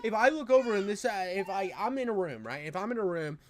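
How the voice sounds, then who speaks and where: A man from the United States ranting as co-host on a commentary show, loud and profane, rambling with many restarts. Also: sits high, expressive, fast talker.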